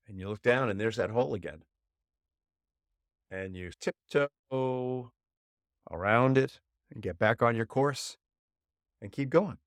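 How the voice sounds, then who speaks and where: A man hosting a solo podcast as a relationship coach, telling a story and jumping high in pitch to act out inner voices. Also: normal speed, no room sound, clean studio sound.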